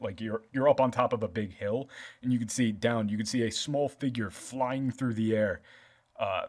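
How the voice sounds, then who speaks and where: A man at an ordinary middle pitch serves as game master for a tabletop game. He describes the world in a loose, meandering way, stacking up "like" and "uh" as he builds each scene. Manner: loose, rambling description with many fillers.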